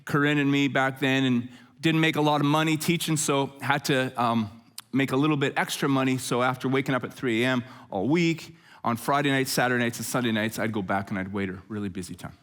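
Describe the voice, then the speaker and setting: A middle-aged man preaching a conversational sermon as pastor, telling stories with jokes and lively asides. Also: medium pitch, fairly quick. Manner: jokey, animated storytelling with asides.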